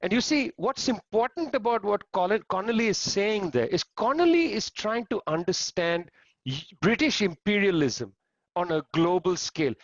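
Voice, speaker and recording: Brief: man with a Punjabi accent, raised voice, forceful lecturer, dull dry lo-fi call audio. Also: high-pitched, dry recording. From India. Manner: emphatic, insistent, repeats phrases for stress. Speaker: panel speaker. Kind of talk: political lecture.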